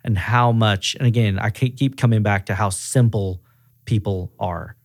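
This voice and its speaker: A man's voice: on the low side, moderate pace, dry recording, studio quality. A man who is a regional director of auto repair shops, speaking in a casual podcast interview and acting out the dialogue in his stories. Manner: animated storyteller acting out quoted dialogue.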